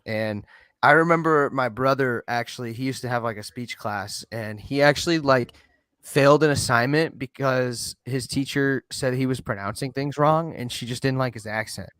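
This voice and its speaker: A man's voice: mid-range voice, moderate pace, a bit bright, clear, resonant tone, no echo, studio quality. Chatty Midwestern man, rambling. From Chicago area. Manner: rambling, full of "like" and "you know". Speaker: podcast co-host. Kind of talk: casual podcast chat.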